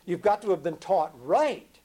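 Emphatic older man preaching, lively pitch. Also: moderate pace, poor audio. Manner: earnest, emphatic, repeats words, swings between loud and hushed. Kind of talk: sermon.

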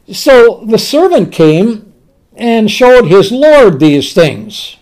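Male preacher, sermon, emphatic, slow delivery. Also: high voice, darkish tone. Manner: emphatic, repeats words, reads scripture aloud.

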